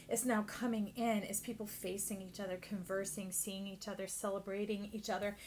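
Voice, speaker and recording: A woman with a mid-range voice gives an intuitive tarot reading, addressing the listener directly. She speaks effusively and emphatically, though at times she drops into a hush.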